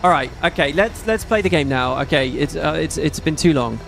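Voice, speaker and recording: A man with a fairly high voice talks through gameplay in loose, rambling commentary. He gets excitable and swears freely, with faint music underneath. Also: a little fast, creaky. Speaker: gaming YouTuber.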